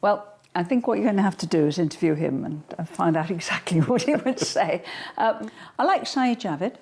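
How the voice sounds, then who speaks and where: A woman's voice: fairly low pitch, expressive, fairly quick, a little mellow, slightly rough. An older woman being interviewed at home, talking in a forthright, blunt, straight-talking manner. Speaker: guest. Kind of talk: political interview.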